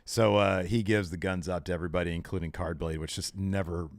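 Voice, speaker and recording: A man's voice: sits low, a little fast. A man co-hosting a podcast, chatting casually and laughing easily as he recaps a wrestling show. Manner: animated, laughs easily, acts out quotes. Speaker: podcast co-host.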